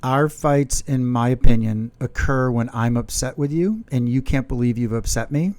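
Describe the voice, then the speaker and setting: A man's voice: medium pitch, normal speed, a little mellow. A man co-hosting a podcast with his partner, talking earnestly about their fights and acting out both sides. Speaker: podcast co-host. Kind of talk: candid couple's chat.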